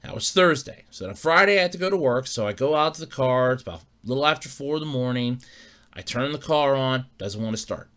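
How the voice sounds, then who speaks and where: A man hosts a solo podcast in a casual, rambling monologue, exasperated and quick to swear. His voice is bright and forceful, and his pitch swings widely as he tells the story. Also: lively intonation. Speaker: podcast host.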